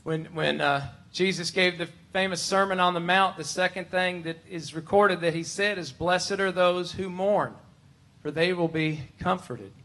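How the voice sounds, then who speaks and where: A worship pastor preaching a conversational, emphatic sermon full of rhetorical questions. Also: male voice, sits high, moderate pace. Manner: emphatic, shifts to loud pleading when voicing Martha.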